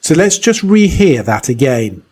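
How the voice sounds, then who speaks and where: Brief: male investigator narrating, mid-pitched, steady and serious. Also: unhurried, breathy edge. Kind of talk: scripted narration.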